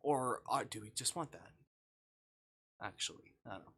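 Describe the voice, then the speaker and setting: Casting: male streamer, emotional live reactions, thinks out loud, bright voice. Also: on the low side, expressive, moderate pace, a little hiss or hum. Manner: emotional, thinking aloud with fillers.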